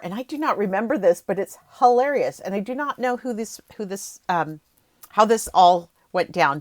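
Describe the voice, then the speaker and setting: Wry, low-voiced woman podcaster. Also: no echo, clean studio sound. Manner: chatty, wry asides and jokes. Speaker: podcast host; rhetorician. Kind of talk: casual solo podcast commentary.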